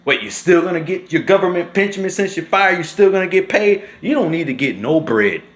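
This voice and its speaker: A man's voice: sits high, animated, brisk, echoey room. A man talking in an emotional vlog, impassioned and repeating himself as he speaks. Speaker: vlogger.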